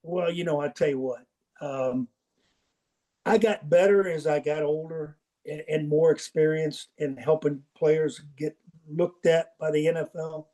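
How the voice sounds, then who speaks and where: Older man, mellow folksy storyteller. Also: a little high, fairly even intonation, measured pace. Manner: folksy, anecdotal, acts out quoted dialogue. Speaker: guest football coach. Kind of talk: storytelling interview.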